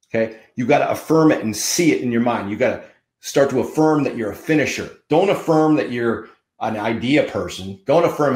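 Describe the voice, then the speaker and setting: A man's voice: mid-range voice, brisk, darkish tone, roomy sound. A man hosting a podcast, giving an emphatic, fired-up motivational monologue with punchy repetition. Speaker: podcast host.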